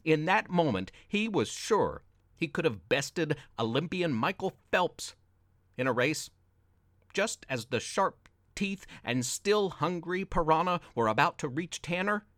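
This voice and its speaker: Guy reading an adventure story, slightly high voice, super expressive, takes his time. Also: dry recording, clean studio sound. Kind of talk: read-aloud story narration.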